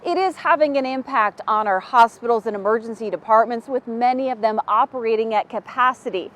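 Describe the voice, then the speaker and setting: Higher-voiced woman news reporter. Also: fairly quick, fairly bright tone. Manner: clear, formal reporting.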